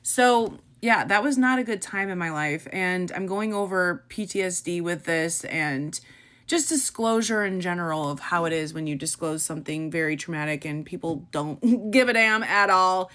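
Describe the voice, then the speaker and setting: A young Midwestern woman speaks candidly in a personal vlog as a content creator, blunt and emotional, swearing freely and using casual slang. Her voice is lowish and fairly bright, and she talks at a moderate pace.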